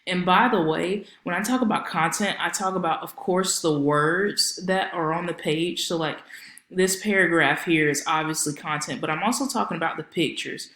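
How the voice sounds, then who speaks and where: A woman's voice: fairly low pitch, normal speed, a bit bright, reverberant. A woman consultant giving a casual screen-share walkthrough of a website, chatty and friendly with lots of filler ums. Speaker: marketing consultant.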